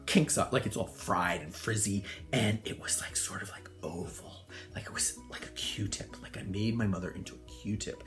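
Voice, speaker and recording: Animated storytelling man, lively pitch. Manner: animated, laughing, acts out voices in quotes. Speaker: hairdresser and salon owner. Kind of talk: storytelling monologue.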